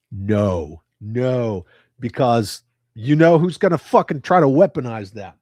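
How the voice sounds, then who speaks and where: Man, livestream host, casual profane banter, lively up-and-down voice, dead dry sound. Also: mid-range voice, no echo. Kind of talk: casual chat with live viewers. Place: at home with his cats.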